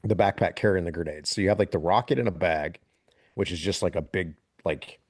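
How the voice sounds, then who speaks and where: Speaking a little fast in a very low voice, a veteran of the military spins a tale as a guest on a casual podcast, getting animated and breaking into occasional laughter. The audio is close-miked and dry.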